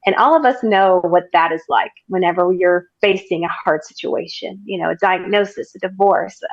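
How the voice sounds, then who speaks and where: A woman's voice: fairly low pitch, moderate pace, dry recording, lo-fi sound. A woman guest recounting her story as a testimony, earnest and emphatic, repeating phrases for weight. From United States.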